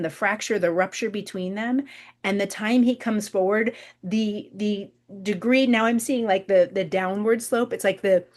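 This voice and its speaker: A woman talks through an intuitive spiritual reading as the show's host, addressing her viewers directly. She searches for words as she goes, with frequent fillers, repeats and restarts. Her voice sits in an ordinary middle pitch. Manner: giggles softly now and then.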